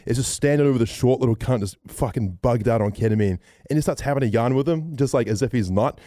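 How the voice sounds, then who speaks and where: A man's voice: medium pitch, fast talker, warm tone, dry recording, clean studio sound. A man on a podcast, retelling a night out with crude slang and lots of laughter. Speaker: podcast host. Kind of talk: casual storytelling chat.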